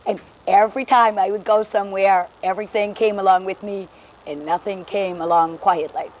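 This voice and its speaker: A woman's voice: medium pitch, fairly even intonation, normal speed, darkish tone, slight background noise, rough recording. A woman performing a wry, confiding comic monologue about her life, outdoors in an alley. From Texas. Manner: wry, confiding, self-mocking. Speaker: solo stage performer.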